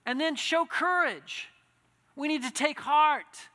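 High bright-voiced guy preaching, earnest and pleading, lots of restarts, big echoey hall. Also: slow. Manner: earnest, builds to impassioned pleading, many restarts. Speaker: pastor. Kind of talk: sermon. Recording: reverberant hall.

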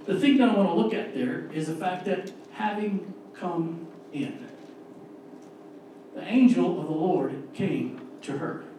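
A man preaching an earnest, emphatic sermon and reading scripture, slowing down to stress key words, recorded from a distance in a church. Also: sits high, dark tone, heavy reverb, a little hiss or hum. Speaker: lay preacher. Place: church sanctuary.

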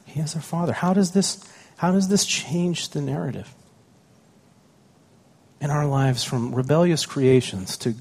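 Male pastor, sermon, husky voice, chatty storytelling, questions to the congregation. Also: on the high side, unhurried, long pauses, darkish tone. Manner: conversational, anecdotal, asks the congregation questions.

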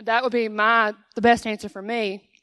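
A woman's voice: a little high, level tone, normal speed, fairly bright tone, clean tone, no room sound. A young woman giving a conversational sermon as a guest speaker in church, acting out little dialogues with God. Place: church sanctuary.

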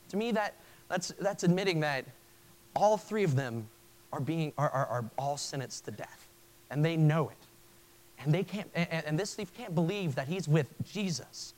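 A man's voice: a little high, expressive, moderate pace, darkish tone, poor audio. A male pastor preaching a sermon in an earnest way, often stopping and restarting his phrases. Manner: earnest, with frequent stammered restarts.

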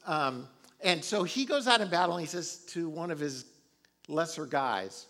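Animated, bright-voiced male preacher. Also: on the high side, normal speed. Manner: casual storytelling with laughs and asides. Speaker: pastor. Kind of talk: sermon.

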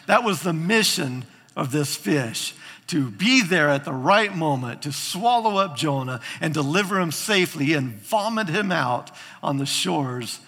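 Animated storytelling pastor in a reverberant hall. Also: male voice, a little high, measured pace, breathy edge. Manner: animated storytelling, acting out quotes. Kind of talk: sermon.

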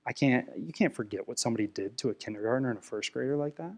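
A young adult man preaching a sermon, earnest and emotional, swinging from emphatic scripture readings to quiet personal confession. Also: mid-range voice, fast talker, vocal fry, few pauses. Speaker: pastor.

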